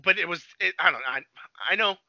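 A man's voice: sits high, quick pace, dry recording. A man co-hosting a movie review podcast, rambling through the plot in casual chat with lots of "like". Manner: rambling plot retelling full of "like", with animated quoted voices. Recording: slightly dull lo-fi, dry.

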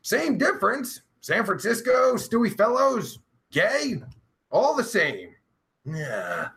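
A man hosting a live stream, reading chat aloud in a brash, profane, loud way. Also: extremely high pitch, very animated, slow pace.

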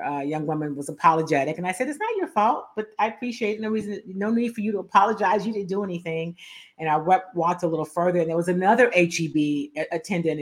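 A middle-aged woman hosting a talk show, telling a story with lively, animated delivery and acting out both sides of a quarrel. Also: low-pitched. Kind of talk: storytelling commentary.

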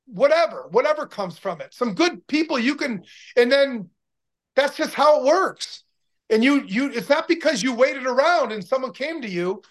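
A man's voice: extremely high pitch, a bit bright. A man in his sixties, a former pro football player, telling stories as a guest in a casual interview in an upbeat, motivational, rambling way with many restarts.

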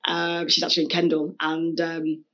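A woman, hosting a relaxed conversation, animated and quick to laugh, often repeating words while she searches for them. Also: low-pitched, highs cut off. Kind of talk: casual conversation.

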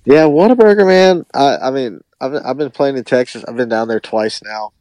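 A man, a musician guest on a podcast, chatting casually in a relaxed, rambling way with lots of hedging. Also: medium pitch, moderate pace, no echo. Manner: relaxed, rambling, hedges a lot. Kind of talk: casual chat.

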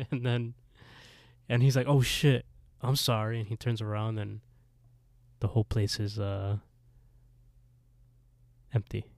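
A man's voice: lowish voice, a little slow, creaky, long pauses, dry recording. A man co-hosting a podcast, casually retelling a TV episode with lots of swearing and laughter. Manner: animated storyteller, swears, laughs often. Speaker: podcast co-host.

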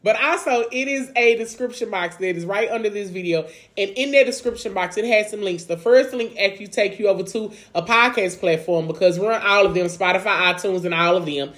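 A woman's voice: medium pitch, fairly quick, hardly any pauses, fairly bright tone. A woman co-hosting a casual podcast, upbeat, plugging the show and egging her partner on. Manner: hypes, plugs links, laughs along. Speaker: podcast co-host. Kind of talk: casual chat.

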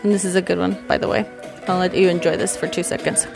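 A woman's voice: lowish voice, steady tone, quick pace, vocal fry. Candid, swearing woman vlogger. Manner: candid, profane, self-reflective. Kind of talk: casual rambling monologue. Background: faint music.

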